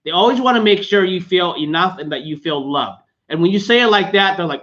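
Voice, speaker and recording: A man with a notably high voice gives relationship advice in an earnest, coaching way, circling back to his points. The sound is dull and lo-fi. His talk stays casual and repetitive. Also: animated, a little fast, fairly bright tone. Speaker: relationship podcast co-host.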